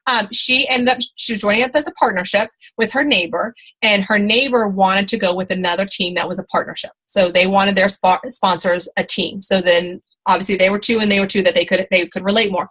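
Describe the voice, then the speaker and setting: A woman's voice: mid-range voice, fairly even intonation, quick pace, hardly any pauses, a bit bright, low-quality recording. A woman in her thirties giving a motivational team training talk, chatty and encouraging, full of fillers and restarts. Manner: chatty, encouraging, many fillers and restarts, acts out quoted people.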